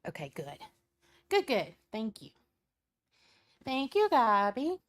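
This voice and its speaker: A woman's voice: on the high side, huge pitch swings, slow pace. A woman chatting casually on her live stream, greeting viewers by name with plenty of ums and laughs, sounding tired. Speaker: live-stream tarot reader. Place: at home at her computer with a small fan running. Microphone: computer mic.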